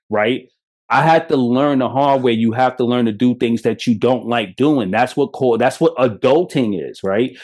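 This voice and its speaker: A middle-aged Brooklyn man talks straight at his listeners in a podcast monologue. He is blunt and profane, and his stories come out animated and emphatic. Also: medium pitch. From Brooklyn, New York. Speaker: podcast host. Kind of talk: motivational monologue.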